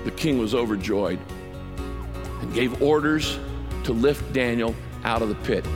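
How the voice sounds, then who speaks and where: A man preaching a sermon, telling a scripture story in an animated, emphatic way. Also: medium pitch, unhurried, pauses often, long reverb tail, over music. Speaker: pastor.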